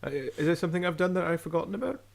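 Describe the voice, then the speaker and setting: A man's voice: fairly high pitch, lively intonation, racing, gravelly. A man co-hosting a podcast, chatting playfully and poking fun at himself. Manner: playful, self-mocking. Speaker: podcast co-host. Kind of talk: casual banter.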